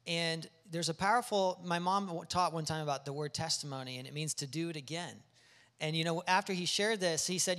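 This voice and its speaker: A pastor speaks in a high voice, animated and quick to ask the congregation questions. His words ring out in the long reverb of a large hall. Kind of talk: sermon. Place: church sanctuary.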